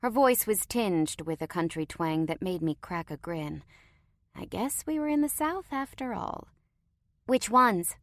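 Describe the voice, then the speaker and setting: A woman's voice: fairly low pitch, animated, unhurried, no room sound. A woman narrating a story in the first person with a wry, conversational tone, recorded close to the microphone.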